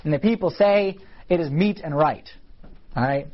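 A man with a high voice gives a relaxed church lesson to a class, checking in with quick questions as he goes. The recording sounds dull and lo-fi. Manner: conversational, asks the class questions. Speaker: church teacher. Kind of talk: casual teaching talk on liturgy.

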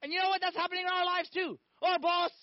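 A man with a very high voice preaches a sermon, telling stories animatedly and firing questions at his listeners. The recording is dry and a little dull. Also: fast, dry recording. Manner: animated storytelling, acting out voices, asks audience questions.

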